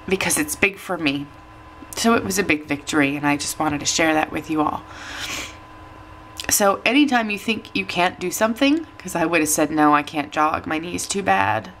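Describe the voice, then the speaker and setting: A woman talks straight to her camera at home, her voice sitting low and a little teary. She rambles warmly, laughing at herself as she goes, with a faint hiss of noise underneath. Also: expressive, normal speed, pauses often. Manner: chatty, emotional, laughs at herself. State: tearful. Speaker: weight-loss vlogger. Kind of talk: casual chat to camera.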